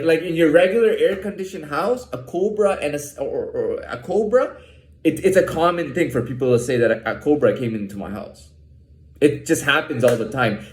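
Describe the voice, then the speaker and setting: A man's voice: a little high, echoey room. A man talking in a casual, rambling monologue, swearing freely and stumbling over repeated words as he rants. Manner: profane, repetitive, restarts often, aggravated rants.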